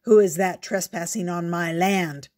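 A woman voicing a gruff older farmer who speaks loudly and low, with a commanding manner. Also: normal speed, lightly acted. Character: gruff older male farmer, booming then kindly.

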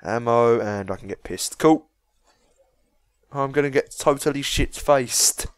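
A man's voice: medium pitch, unhurried, clean tone, dry recording, clean studio sound. A young man giving casual, sweary let's-play commentary, chatting and joking as he reacts to the game. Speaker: gaming video host.

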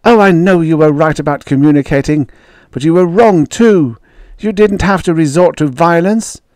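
A man voicing a furious, grieving woman who screams and shouts at alien visitors in a storybook reading. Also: normal speed, dry recording, close to an everyday voice. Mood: furious, anguished. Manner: raised pitch, screaming and shouting.

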